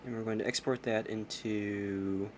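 A man's voice: fairly low pitch, fairly even intonation, measured pace, a little hiss or hum. A man streaming a game, chatting casually with swearing and self-mocking asides. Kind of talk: casual gameplay commentary.

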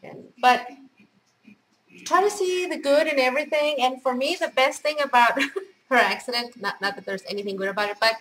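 Gushing high bright woman vlogger. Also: normal speed, slight background noise, poor audio. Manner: gushing, effusive, repeats praise words. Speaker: craft vlogger. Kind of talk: casual unboxing chat. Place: home.

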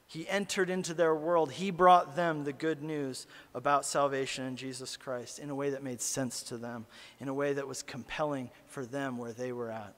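A man preaching a sermon as a pastor, telling a story and swinging from hushed asides to loud, animated calls. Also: medium pitch, normal speed, long reverb tail. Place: church sanctuary.

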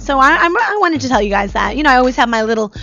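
A woman's voice: high-pitched, animated, very fast, fairly bright tone, faint music behind. A woman hosting a casual talk show, telling stories in a chatty way full of "like" and "you know". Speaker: host. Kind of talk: casual chat. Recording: dull lo-fi live stream audio.

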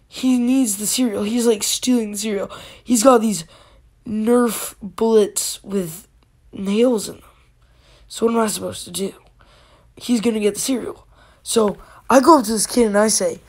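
A woman telling a rambling comic story, animated and breathless, with many repeated words, sudden drops to a whisper and siren noises. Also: mid-range voice, a little slow. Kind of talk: comedic improvised story time.

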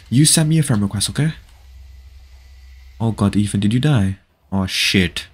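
A young adult man with a lowish, slightly rough voice streams a game live, speaking at normal speed with long pauses. Excitable, he pleads and laughs while urging a friend to fight and chatting with viewers. Faint music is in the background.

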